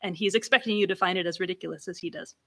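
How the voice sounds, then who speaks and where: A woman's voice: lowish voice, very fast, vocal fry, pushed and bright, slightly rough. A woman lecturer giving an academic lecture at a symposium, explaining things step by step with small restarts and asides. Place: symposium venue.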